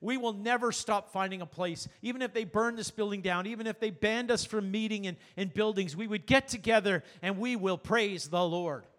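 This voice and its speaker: A man preaching a sermon as pastor, earnest and animated, with rhetorical questions. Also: high voice, moderate pace, few pauses.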